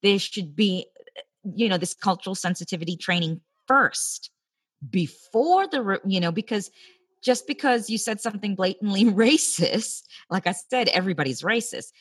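A woman's voice: medium pitch, breathy edge, no room sound. A woman co-hosting a podcast who gives her opinions earnestly in casual discussion. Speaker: podcast co-host.

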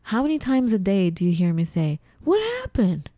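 Woman co-host, low mellow voice, dry close recording, lively casual talk. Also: brisk, no echo. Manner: animated, acts out her own confused reactions in a high voice. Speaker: podcast co-host. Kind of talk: casual chat.

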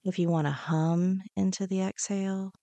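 A woman leading a guided breathing meditation on a podcast, giving slow, soothing, repeated instructions. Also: mid-range voice, level tone, warm tone, no echo. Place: podcast studio.

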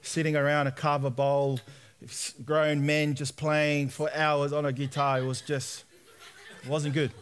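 A man's voice: on the high side, unhurried, slight background noise. A young man preaching, telling his own story and acting out the voices in it. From Australia. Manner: animated storyteller, acts out quoted voices. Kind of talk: sermon testimony.

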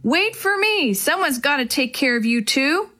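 Picture a spirited, bossy young girl in a children's storybook. Her voice sits high and excited as she calls out to the boys. A woman reads her out. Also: moderate pace, exaggerated voice. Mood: eager. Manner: excited, exclamatory.

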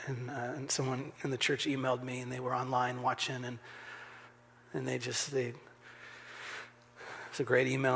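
A male pastor delivers a sermon in a gravelly, husky voice. He talks earnestly, pushing up into urgent emphasis and then sinking to a hushed near-whisper. His pitch sits in an ordinary middle range. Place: church sanctuary.

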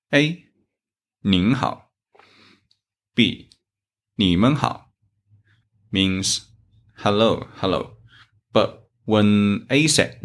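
A man teaches a language lesson at an unhurried, deliberate pace. His voice sits on the low side, and he speaks carefully, stretching out each example word so listeners can repeat after him. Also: a bit bright. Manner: slow, careful and instructive, with drawn-out example words.

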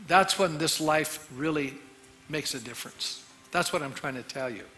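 A pastor delivers a sermon in a bright, ringing voice, set a little higher than most men's. He pleads earnestly with the congregation, swelling louder, then dropping low. The sanctuary gives his words a long reverb, with soft music faintly underneath. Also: normal speed. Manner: earnest, pleading, rises and drops in volume. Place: church sanctuary. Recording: long reverb of a large hall.

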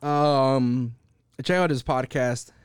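A young man on a podcast, telling a story in a casual, animated and profane way with many fillers. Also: medium pitch, slow pace, clean tone, no room sound, clean studio sound. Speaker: podcast host.

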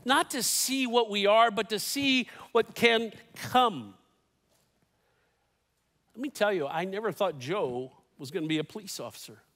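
A man in his fifties preaches a sermon in a church, his notably high voice carried by a long hall reverb. He tells stories in a folksy way and drops in humorous asides. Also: a bit bright. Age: 50s. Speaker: pastor. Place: church sanctuary.

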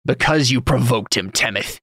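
Soft-spoken stern overseer read by a guy, firm and clipped, mid pitch. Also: normal speed, breathy edge, no echo, clean studio sound. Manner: soft but authoritative, clipped orders.

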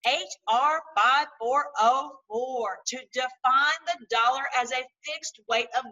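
A woman talking to her viewers in a casual, animated monologue, full of restarts and religious phrases. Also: sits high, slow pace, distant mic, low-quality recording. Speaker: political commentary host.

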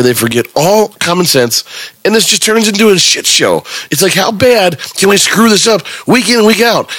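A man's voice: on the high side, a bit bright, no echo, poor audio. A man co-hosting a sports podcast, asking exasperated rhetorical questions about his team. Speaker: podcast co-host. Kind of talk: casual sports talk.

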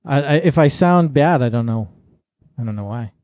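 Mellow quick-talking man, co-host. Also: medium pitch, lively intonation, no room sound. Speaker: podcast co-host. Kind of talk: casual chat.

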